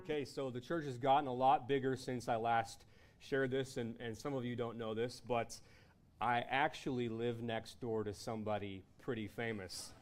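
A male pastor preaching a sermon, telling a personal story in an animated way with frequent restarts. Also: medium pitch, moderate pace.

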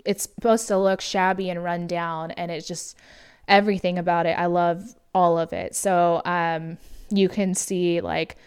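Recapping a movie on a podcast she co-hosts, an American woman laughs a lot and wanders through her thoughts with fillers and false starts. Her pitch is fairly low, her delivery flat and a bit slow, and her tone smooth.

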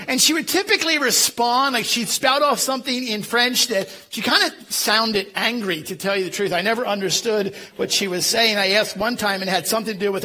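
A man's voice: extremely high pitch, moderate pace, bright, forceful tone. A man in his fifties with a Philadelphia accent, preaching a sermon as a pastor in a folksy, self-deprecating way.

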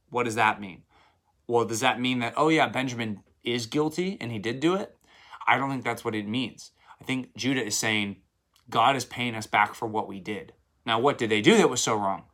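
Male Bible teacher, conversational devotional, mid-pitched, animated retelling. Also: moderate pace. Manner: retells scripture in lively paraphrase with acted quotes.

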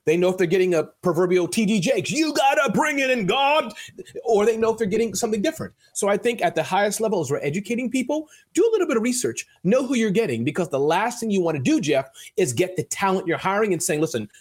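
Fast, animated joking man. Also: high voice. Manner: animated, joking, addresses host by name often. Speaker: guest speaker. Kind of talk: casual interview chat.

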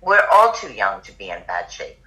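A middle-aged woman telling a personal story as a podcast guest, lively and acting out the lines of other people. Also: extremely low pitch, normal speed, rough recording. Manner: animated, acts out quoted dialogue. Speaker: podcast guest, yoga teacher. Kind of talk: casual conversational storytelling.

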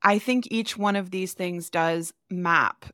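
A woman's voice: lowish voice, takes it slowly, fairly bright tone, no echo, clean studio sound. Reflective woman co-hosting a chat. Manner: reflective, reads quotes aloud. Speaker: podcast co-host. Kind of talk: casual chat about a psychology paper.

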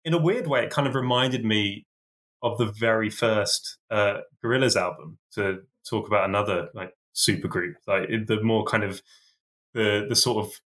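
A man's voice: lowish voice, fairly bright tone. A man co-hosting a podcast, talking casually with many fillers and restarts. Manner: hesitant, filler-heavy. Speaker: podcast co-host. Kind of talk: casual chat.

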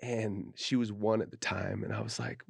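Gravelly-voiced man telling a candid story. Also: lowish voice, sing-song, moderate pace, dry recording, studio quality. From Utah, USA. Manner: candid, profane, acts out quoted speech. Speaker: podcast guest, tattoo artist. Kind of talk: casual storytelling interview.

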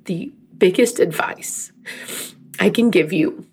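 A woman's voice: lowish voice, slow pace, husky. A middle-aged woman talking candidly about faith and grief, emotional and rambling, teary at times. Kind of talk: personal faith talk.

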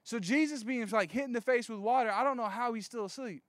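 A young man giving a casual sermon, reading scripture and telling jokey stories, slowing down to stress key points. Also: extremely high pitch, no room sound. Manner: conversational, jokey asides, slows down for emphasis.

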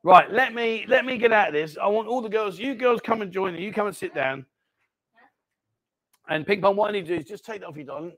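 A man hosting a lively live-stream chat in a bar, bossy and jokey, calling everyone mate. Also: high voice, brisk. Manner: jokey, bossy banter, calls people mate. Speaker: host.

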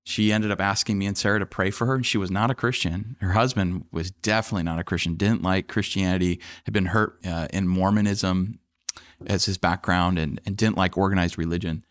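A man's voice: deep voice, brisk, no room sound, studio quality. A man who is a pastor, telling stories from his church work in an earnest, conversational way, often restarting his sentences. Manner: earnest, animated storyteller with frequent restarts and fillers. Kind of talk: conversational storytelling interview.

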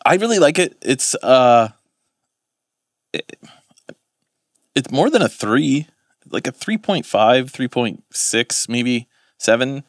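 A man's voice: mid-range voice, expressive, slow, pauses often, dry recording, clean studio sound. Rambling, swearing New man. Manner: rambling, swears, self-correcting. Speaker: podcast co-host. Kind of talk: casual chat.

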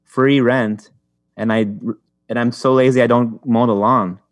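A man's voice: medium pitch, fairly even intonation, a little slow, no room sound, studio quality. A young man telling stories in a rambling way as a podcast guest, with many restarts and fillers. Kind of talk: casual chat.

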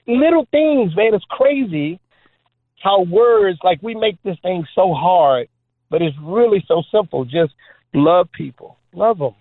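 A man's voice: high voice, a little slow, no room sound. Man, former basketball pro, chatty storyteller, jokey, dry phone-line sound. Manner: joking, animated storyteller with many fillers. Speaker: guest, former trick basketball player. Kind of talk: storytelling interview talk.

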